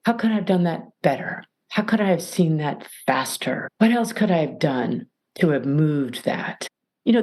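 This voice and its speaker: This middle-aged woman, a mediator appearing as a podcast guest, speaks with a lowish, somewhat dark voice. She gives emphatic, animated advice, acting out little scenes to explain her points.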